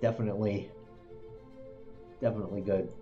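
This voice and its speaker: A man's voice: on the low side, level tone, brisk, dark tone, muffled recording. A man streaming a video game, chatting casually, poking fun at his own failures and chuckling often. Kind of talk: casual live-stream commentary while playing. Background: faint game music.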